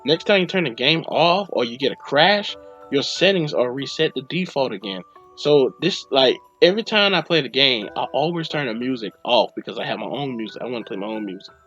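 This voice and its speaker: A man's voice: mid-range voice, animated, fairly quick, fairly bright tone. A man hosting a podcast, rambling casually through a game review and acting out his own reactions. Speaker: podcast host. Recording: dull lo-fi recording with faint music.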